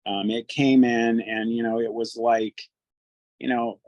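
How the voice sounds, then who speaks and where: A man casually telling a first-person encounter story in a halting way, often repeating his words. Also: mid-range voice, flat delivery, darkish tone, no echo, poor audio.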